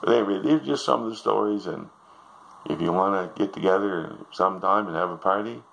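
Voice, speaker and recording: Gravelly, deep-voiced older joke teller. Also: male voice, brisk, fairly bright tone, low-quality recording. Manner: folksy, meandering storyteller. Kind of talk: rambling joke telling.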